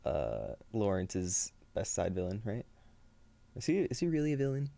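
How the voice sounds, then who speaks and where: A man's voice: on the low side, very animated, normal speed, creaky, dark tone. A man streaming live and chatting casually with his viewers in an upbeat way, laughing often. He sounds tired and a little shaky. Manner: upbeat, laughs often, reads chat aloud. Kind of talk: casual livestream chat.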